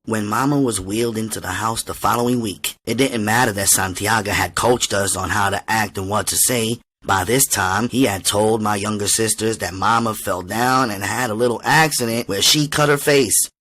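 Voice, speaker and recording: A man reading a novel aloud as an audiobook reader, with steady, measured storytelling. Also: fairly low pitch.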